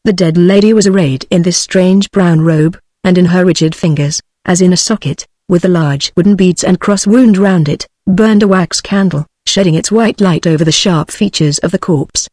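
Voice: medium pitch, normal speed, hardly any pauses, no room sound. Text-to-speech audiobook narrator, dry. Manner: even synthetic text-to-speech reading. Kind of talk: scripted narration.

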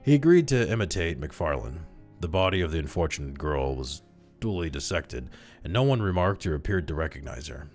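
A man reading a classic horror story aloud in measured, steady storytelling narration. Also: very deep voice, faint music behind. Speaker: audiobook reader.

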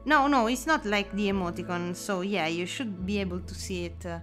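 A woman with an Italian accent chats casually with her audience while drawing live on a stream. Her medium-pitched voice is brisk and a bit bright, and she giggles a lot, full of fillers and restarts, with faint music behind her.

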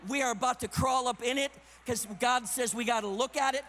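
Man, sermon, high voice, emphatic delivery, long reverb of a conference hall. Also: steady tone, fairly quick, slight background noise. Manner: emphatic, swings between loud punches and quiet asides. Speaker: conference speaker.

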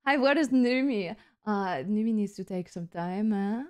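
A woman's voice: medium pitch, unhurried, darkish tone, clear, resonant tone. A woman streaming, chatting casually in a crude, giggly, playful way, acting like a teacher. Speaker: streamer co-host. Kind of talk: casual livestream chat.

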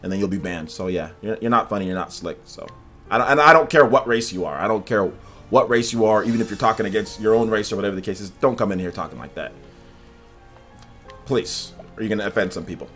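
A man streaming gameplay live, talking to his chat in an animated, repetitive way. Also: fairly low pitch, fast talker, faint music behind. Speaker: gaming livestreamer.

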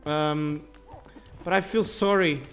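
A man's voice: a little high, fairly even intonation, slow pace, fairly bright tone, soft background music. A young man giving casual commentary while playing a game, grumbling, swearing and mocking himself. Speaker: gaming channel host.

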